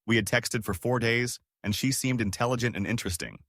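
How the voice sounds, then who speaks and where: A man reading a string of online stories as scripted narration, in a lively storytelling manner. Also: medium pitch, fairly quick, no echo, studio quality.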